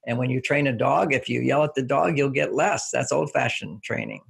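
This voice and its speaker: Gravelly, husky man explaining. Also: mid-range voice, big pitch swings, moderate pace, a bit bright. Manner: anecdotal, instructive, chuckling. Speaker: relationship author and guest. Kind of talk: relaxed interview talk.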